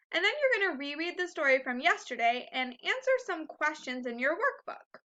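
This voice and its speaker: Slow, bright-voiced first grade teacher. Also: female voice, high-pitched, dull audio. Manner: slow, clear teacher talk, clapping out syllables. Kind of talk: online phonics lesson.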